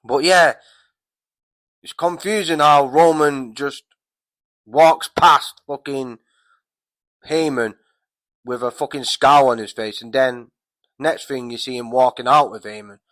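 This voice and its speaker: A man's voice: mid-range voice, takes it slowly, long pauses, a bit bright, dry recording. A man giving a casual, rambling recap of a wrestling show, swearing heavily and getting heated. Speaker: wrestling commentator vlogger.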